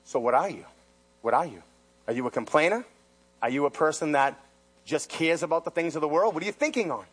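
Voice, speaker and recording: A man preaching a sermon who repeats rhetorical questions and swings between hushed and loud. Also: fairly high pitch, animated, a little fast, breathy edge.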